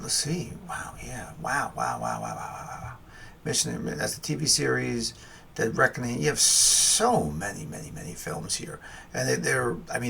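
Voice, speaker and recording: A man with a gravelly, fry-edged voice reviews a film in loose, casual talk. He wanders into wry asides and restarts his sentences often. His pitch sits in the middle, and a faint ambience hums behind him. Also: a bit bright, slight background noise. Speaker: film review podcast host.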